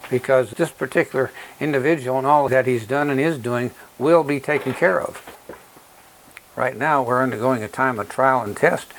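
A man preaching a sermon, reading from scripture and explaining it in an earnest, deliberate way, stressing key words. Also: mid-range voice, slight background noise, low-quality recording.

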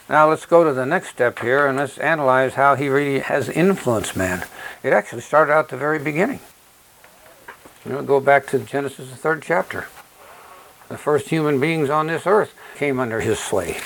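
A man preaching a sermon, reading from scripture and explaining it in an earnest, deliberate way, stressing key words. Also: mid-range voice, vocal fry, a bit bright, a little hiss or hum, rough recording.

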